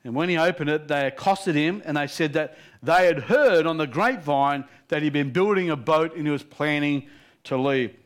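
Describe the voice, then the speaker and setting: Animated male preacher telling a story. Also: a little high, moderate pace. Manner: lively, animated, laughing between lines. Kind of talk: sermon storytelling.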